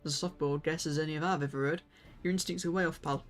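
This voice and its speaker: A woman putting on a gruff fantasy-game tough guy. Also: deep voice, fairly even intonation, quick pace, faint music behind, pitched below the performer's own voice, lightly acted.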